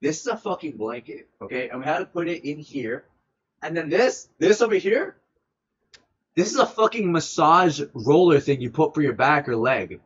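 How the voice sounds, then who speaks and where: A young man streamer telling a story in a casual, animated way, full of swearing and repeated words. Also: fairly high pitch, normal speed, husky, lo-fi sound. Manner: animated, profane, repeats himself often.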